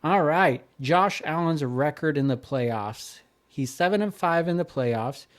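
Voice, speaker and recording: A man's voice: a little high, expressive, unhurried. A man co-hosting a podcast, reading through follow-up notes in casual chat with fillers. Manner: reads notes and lists, hesitant with fillers. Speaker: podcast co-host.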